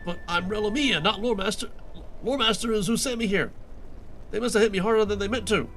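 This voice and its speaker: A man voicing an exasperated adventurer who keeps correcting another character with deadpan remarks in a game quest fan voice-over. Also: sits high, fairly quick, faint music behind. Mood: pleading. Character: exasperated young adventurer, nitpicking and sarcastic.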